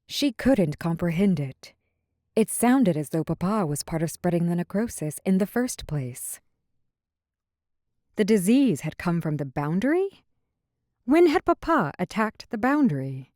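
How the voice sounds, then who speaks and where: A woman narrating a fantasy romance audiobook in an even, measured reading. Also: fairly low pitch, no echo, clean studio sound. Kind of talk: scripted narration.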